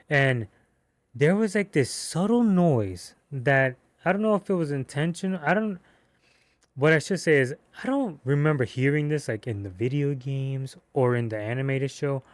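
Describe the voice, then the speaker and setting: A man giving a casual movie review, excitable and slangy, with cursing and rambling restarts. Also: mid-range voice, no room sound.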